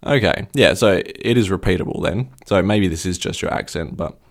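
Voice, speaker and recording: Low gravelly man, analytical chat. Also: normal speed. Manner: probing, analytical questioning. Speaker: podcast co-host. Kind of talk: casual chat.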